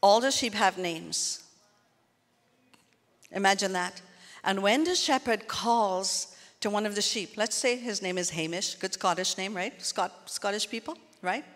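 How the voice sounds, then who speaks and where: A woman's voice: mid-range voice, a little slow, a bit bright. A woman pastor preaching a sermon in an earnest, conversational way, turning often to the congregation with asides. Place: church hall. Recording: long hall reverb.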